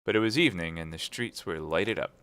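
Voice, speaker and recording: A man reading a classic novel aloud at speedrun pace, brisk and steady. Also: low voice, clean tone, no echo. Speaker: reader.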